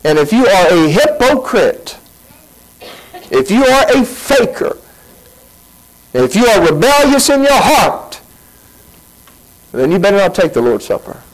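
A man preaching a sermon as pastor, animated, asking rhetorical questions and leaping in pitch. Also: a little slow, long pauses, poor audio.

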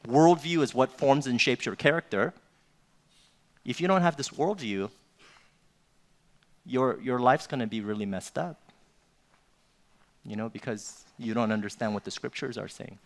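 A man's voice: mid-range voice, normal speed, pauses often. Conversational male pastor preaching a sermon. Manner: conversational, filler-heavy with "you know" and "right?".

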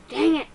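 This female gaming YouTuber delivers excitable let's-play commentary, getting frustrated quickly and making fun of herself. The recording is rough, with a bit of background noise.

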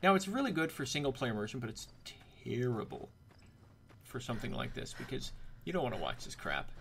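A man's voice: medium pitch, big pitch swings, fairly quick, gravelly, a bit bright, a little hiss or hum. A man giving casual commentary over a video game playthrough, chatty and full of joking asides. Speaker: gameplay commentator. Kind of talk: casual let's-play commentary.

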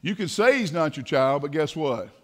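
Man, pastor, fervent sermon, hushed then shouting, bright tone. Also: fairly high pitch, expressive, normal speed. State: dry mouth. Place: church sanctuary.

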